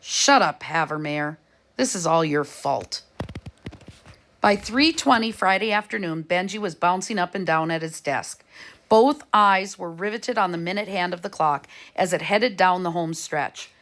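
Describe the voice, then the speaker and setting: A woman narrating a children's chapter book aloud at an even, unhurried pace. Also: on the low side. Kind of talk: storybook reading.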